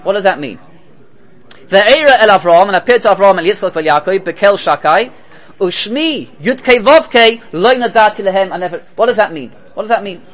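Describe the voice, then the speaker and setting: A man giving a spoken Torah class, telling stories lively and mixing Hebrew and Yiddish terms into his English. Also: high voice, a little fast. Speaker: Torah teacher.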